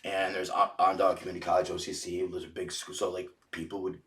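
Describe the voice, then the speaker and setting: A man with a low voice spins a rambling, profane story as a podcast guest, circling back and restarting his sentences. He sits a little back from the mic, and the room around him sounds echoey. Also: little pitch movement, fast, fairly bright tone. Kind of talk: casual storytelling. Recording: roomy, distant mic.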